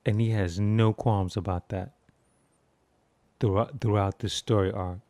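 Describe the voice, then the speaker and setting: A man's voice: fairly low pitch, fairly even intonation, measured pace, mellow, dry recording. A man giving casual film commentary, riffing with heavy profanity and mimicking sound effects.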